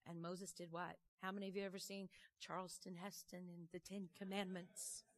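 A woman preaching a sermon, telling a story in a lively, conversational way, with folksy phrasing and questions tossed to the congregation. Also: lowish voice, moderate pace. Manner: animated, conversational, asks the crowd questions.

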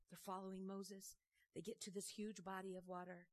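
A woman preaching a sermon, telling a story in a lively, conversational way, with folksy phrasing and questions tossed to the congregation. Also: mid-range voice, normal speed. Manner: animated, conversational, asks the crowd questions.

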